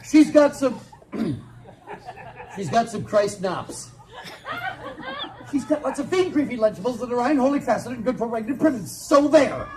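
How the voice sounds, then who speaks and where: High, animated male comic storyteller. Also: rough recording. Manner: rapid spoonerisms and wisecracks. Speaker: festival storyteller. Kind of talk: comic stage storytelling to a crowd. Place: outdoor fair stage. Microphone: phone in the audience. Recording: phone recording with fair noise behind.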